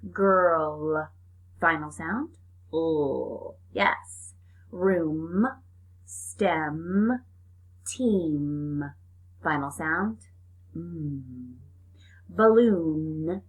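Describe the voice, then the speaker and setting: A woman teaching a phonics lesson to young children at a slow, deliberate pace, praising and drawing out sounds. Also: on the low side, fairly bright tone. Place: home.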